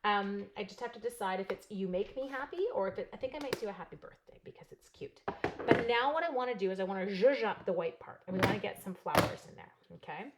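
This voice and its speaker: A woman's voice: mid-range voice, lively intonation, fast talker, background noise. A woman in her forties, chatty and bubbly, telling stories and laughing as she demonstrates a papercraft project. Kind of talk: casual live crafting demo.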